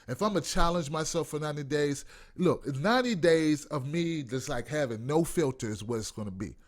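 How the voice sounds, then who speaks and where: A man's voice: fairly high pitch, expressive, fairly quick. A man from Washington, D.C., hosting a live call-in commentary show, reading viewer comments and ranting bluntly with lots of profanity. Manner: profane, blunt, mocking, no filter; reads viewer comments aloud. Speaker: host.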